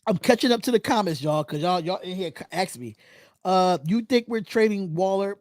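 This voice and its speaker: Casting: male host with a high voice, loose and repetitive, close and dry. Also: moderate pace, a little mellow, no room sound. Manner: chatty, repeats phrases, reads comments aloud. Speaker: podcast host. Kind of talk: casual live-stream chat.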